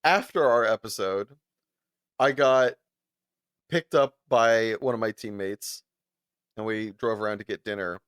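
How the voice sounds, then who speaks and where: Pausing often and speaking at a measured pace, a man co-hosts a podcast, swapping stories in easygoing conversation. His tone is clean, the studio recording has no echo, and he laughs a lot while animatedly voicing quoted people in a higher pitch.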